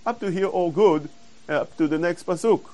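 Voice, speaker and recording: A man giving a Torah class, explaining verses earnestly and quoting Hebrew quickly. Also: high-pitched, mellow, rough recording. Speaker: Torah teacher.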